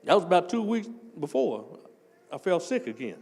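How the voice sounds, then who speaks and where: An older man, preaching a testimony sermon as associate pastor and telling a story that builds up into shouting. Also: sits high, normal speed, husky, long reverb tail. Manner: animated storytelling, swells into shouting.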